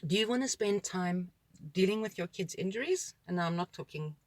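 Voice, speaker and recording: A woman with a South African accent, a school principal, talking in a relaxed discussion and acting out what children and parents say. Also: fairly low pitch, a little fast, dry recording. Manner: animated, acts out children's and parents' voices. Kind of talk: conversational discussion.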